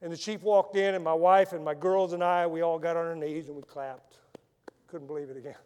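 A man preaching a sermon as a missionary, telling stories dramatically and swinging from loud emphatic lines to hushed soft ones. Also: fairly high pitch, steady tone, a little fast, clean tone. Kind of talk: sermon with personal storytelling. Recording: long reverb of a large hall.

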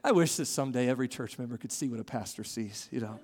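A man preaching a sermon as pastor, animated and calling on his congregation to respond. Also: mid-range voice, fast. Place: church sanctuary. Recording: long hall reverb.

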